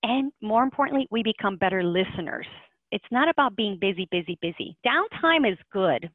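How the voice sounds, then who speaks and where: A woman's voice: medium pitch, animated, a little fast, no room sound. A woman guest in a podcast interview, talking with energy and lots of fillers and restarts. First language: Spanish. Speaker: podcast guest, language teacher. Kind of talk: casual interview talk. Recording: tinny phone line, dry.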